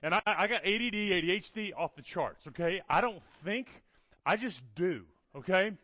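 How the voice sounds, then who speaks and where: Man, high voice, animated storytelling preacher, dry muffled recording. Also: normal speed, no echo. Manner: animated, keeps checking in with "okay? all right?". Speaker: guest preacher. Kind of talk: storytelling sermon. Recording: dull lo-fi sound, dry.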